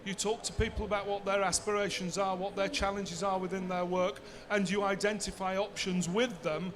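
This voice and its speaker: A man's voice: high voice, little pitch movement, moderate pace, a crowd in the background. A man, giving a conversational conference talk and answering his own rhetorical questions. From Bradford, England. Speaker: seminar speaker.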